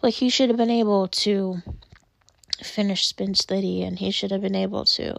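Emotional and on the verge of crying, a young woman vlogs to her camera in a rambling way, filling her speech with "like." Her medium-pitched voice is creaky and level at a moderate pace, with a little hiss or hum in the recording.

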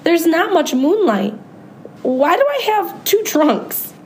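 Casting: a woman playing a timid young elephant girl, high and lifted voice, anxious, breathless. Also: very animated, slow pace, a little mellow, slight background noise, exaggerated voice. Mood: curious. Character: young female elephant, frightened and gentle.

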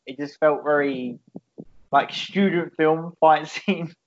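A man's voice: fairly high pitch, fairly even intonation, slow. A man co-hosting a podcast, mocking a film in casual, sweary chat. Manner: swears freely, mocking, quotes characters. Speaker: podcast co-host. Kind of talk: casual movie review chat. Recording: dull lo-fi recording.

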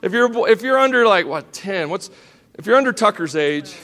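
A man's voice: high voice, animated, moderate pace, sharp tone, big-room sound. A middle-aged man preaching a sermon in a folksy, joking way, talking straight to the congregation and the kids, his voice cracking a little. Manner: folksy, joking, addresses the congregation and children directly. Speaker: pastor. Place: church sanctuary.

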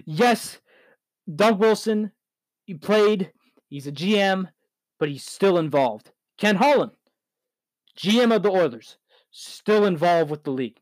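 A man's voice: sits high, animated, measured pace, pauses often, dry recording. A man hosting a solo sports talk podcast, rambling, heated and correcting himself as he goes.

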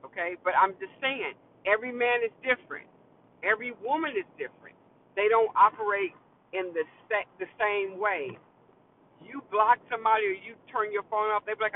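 A woman's voice: a little high, normal speed, narrow, tinny audio, slight background noise. A middle-aged woman hosting a podcast, speaking bluntly and frankly in a casual opinion monologue, swearing freely. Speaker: podcast host.

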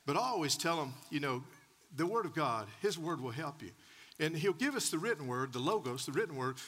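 A man's voice: on the high side, pushed and bright. A man preaching a sermon as pastor, telling folksy stories with repeated words and chuckles. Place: church sanctuary. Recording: church hall with long reverb.

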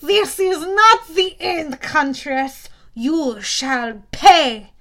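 A woman reading an audiobook, voicing a furious male monster that cries out in shrill wails. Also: fairly even intonation, slow. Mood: snarling threat.

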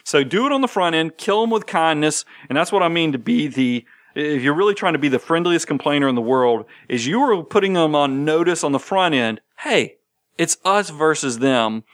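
Animated man, dry close sound. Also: fairly high pitch, fairly quick, few pauses, dry recording. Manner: animated, storytelling with acted-out quotes. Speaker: podcast co-host. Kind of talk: casual finance talk.

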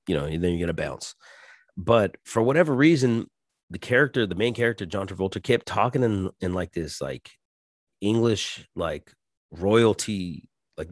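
Crude and rambling, a forties-aged podcast host delivers a loose monologue packed with swearing and impressions of other voices. The sound is clean studio audio with no room sound, and his pitch is fairly low.

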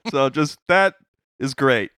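A man co-hosting a podcast in casual comedic chat, dropping deadpan one-liners. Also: medium pitch, takes it slowly, clean tone, no room sound, clean studio sound. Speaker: podcast co-host.

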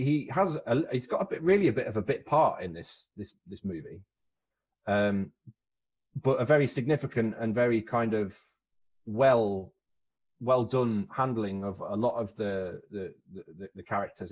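A man co-hosting a podcast in casual chat, hesitant and full of fillers and restarts. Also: lowish voice. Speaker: podcast co-host.

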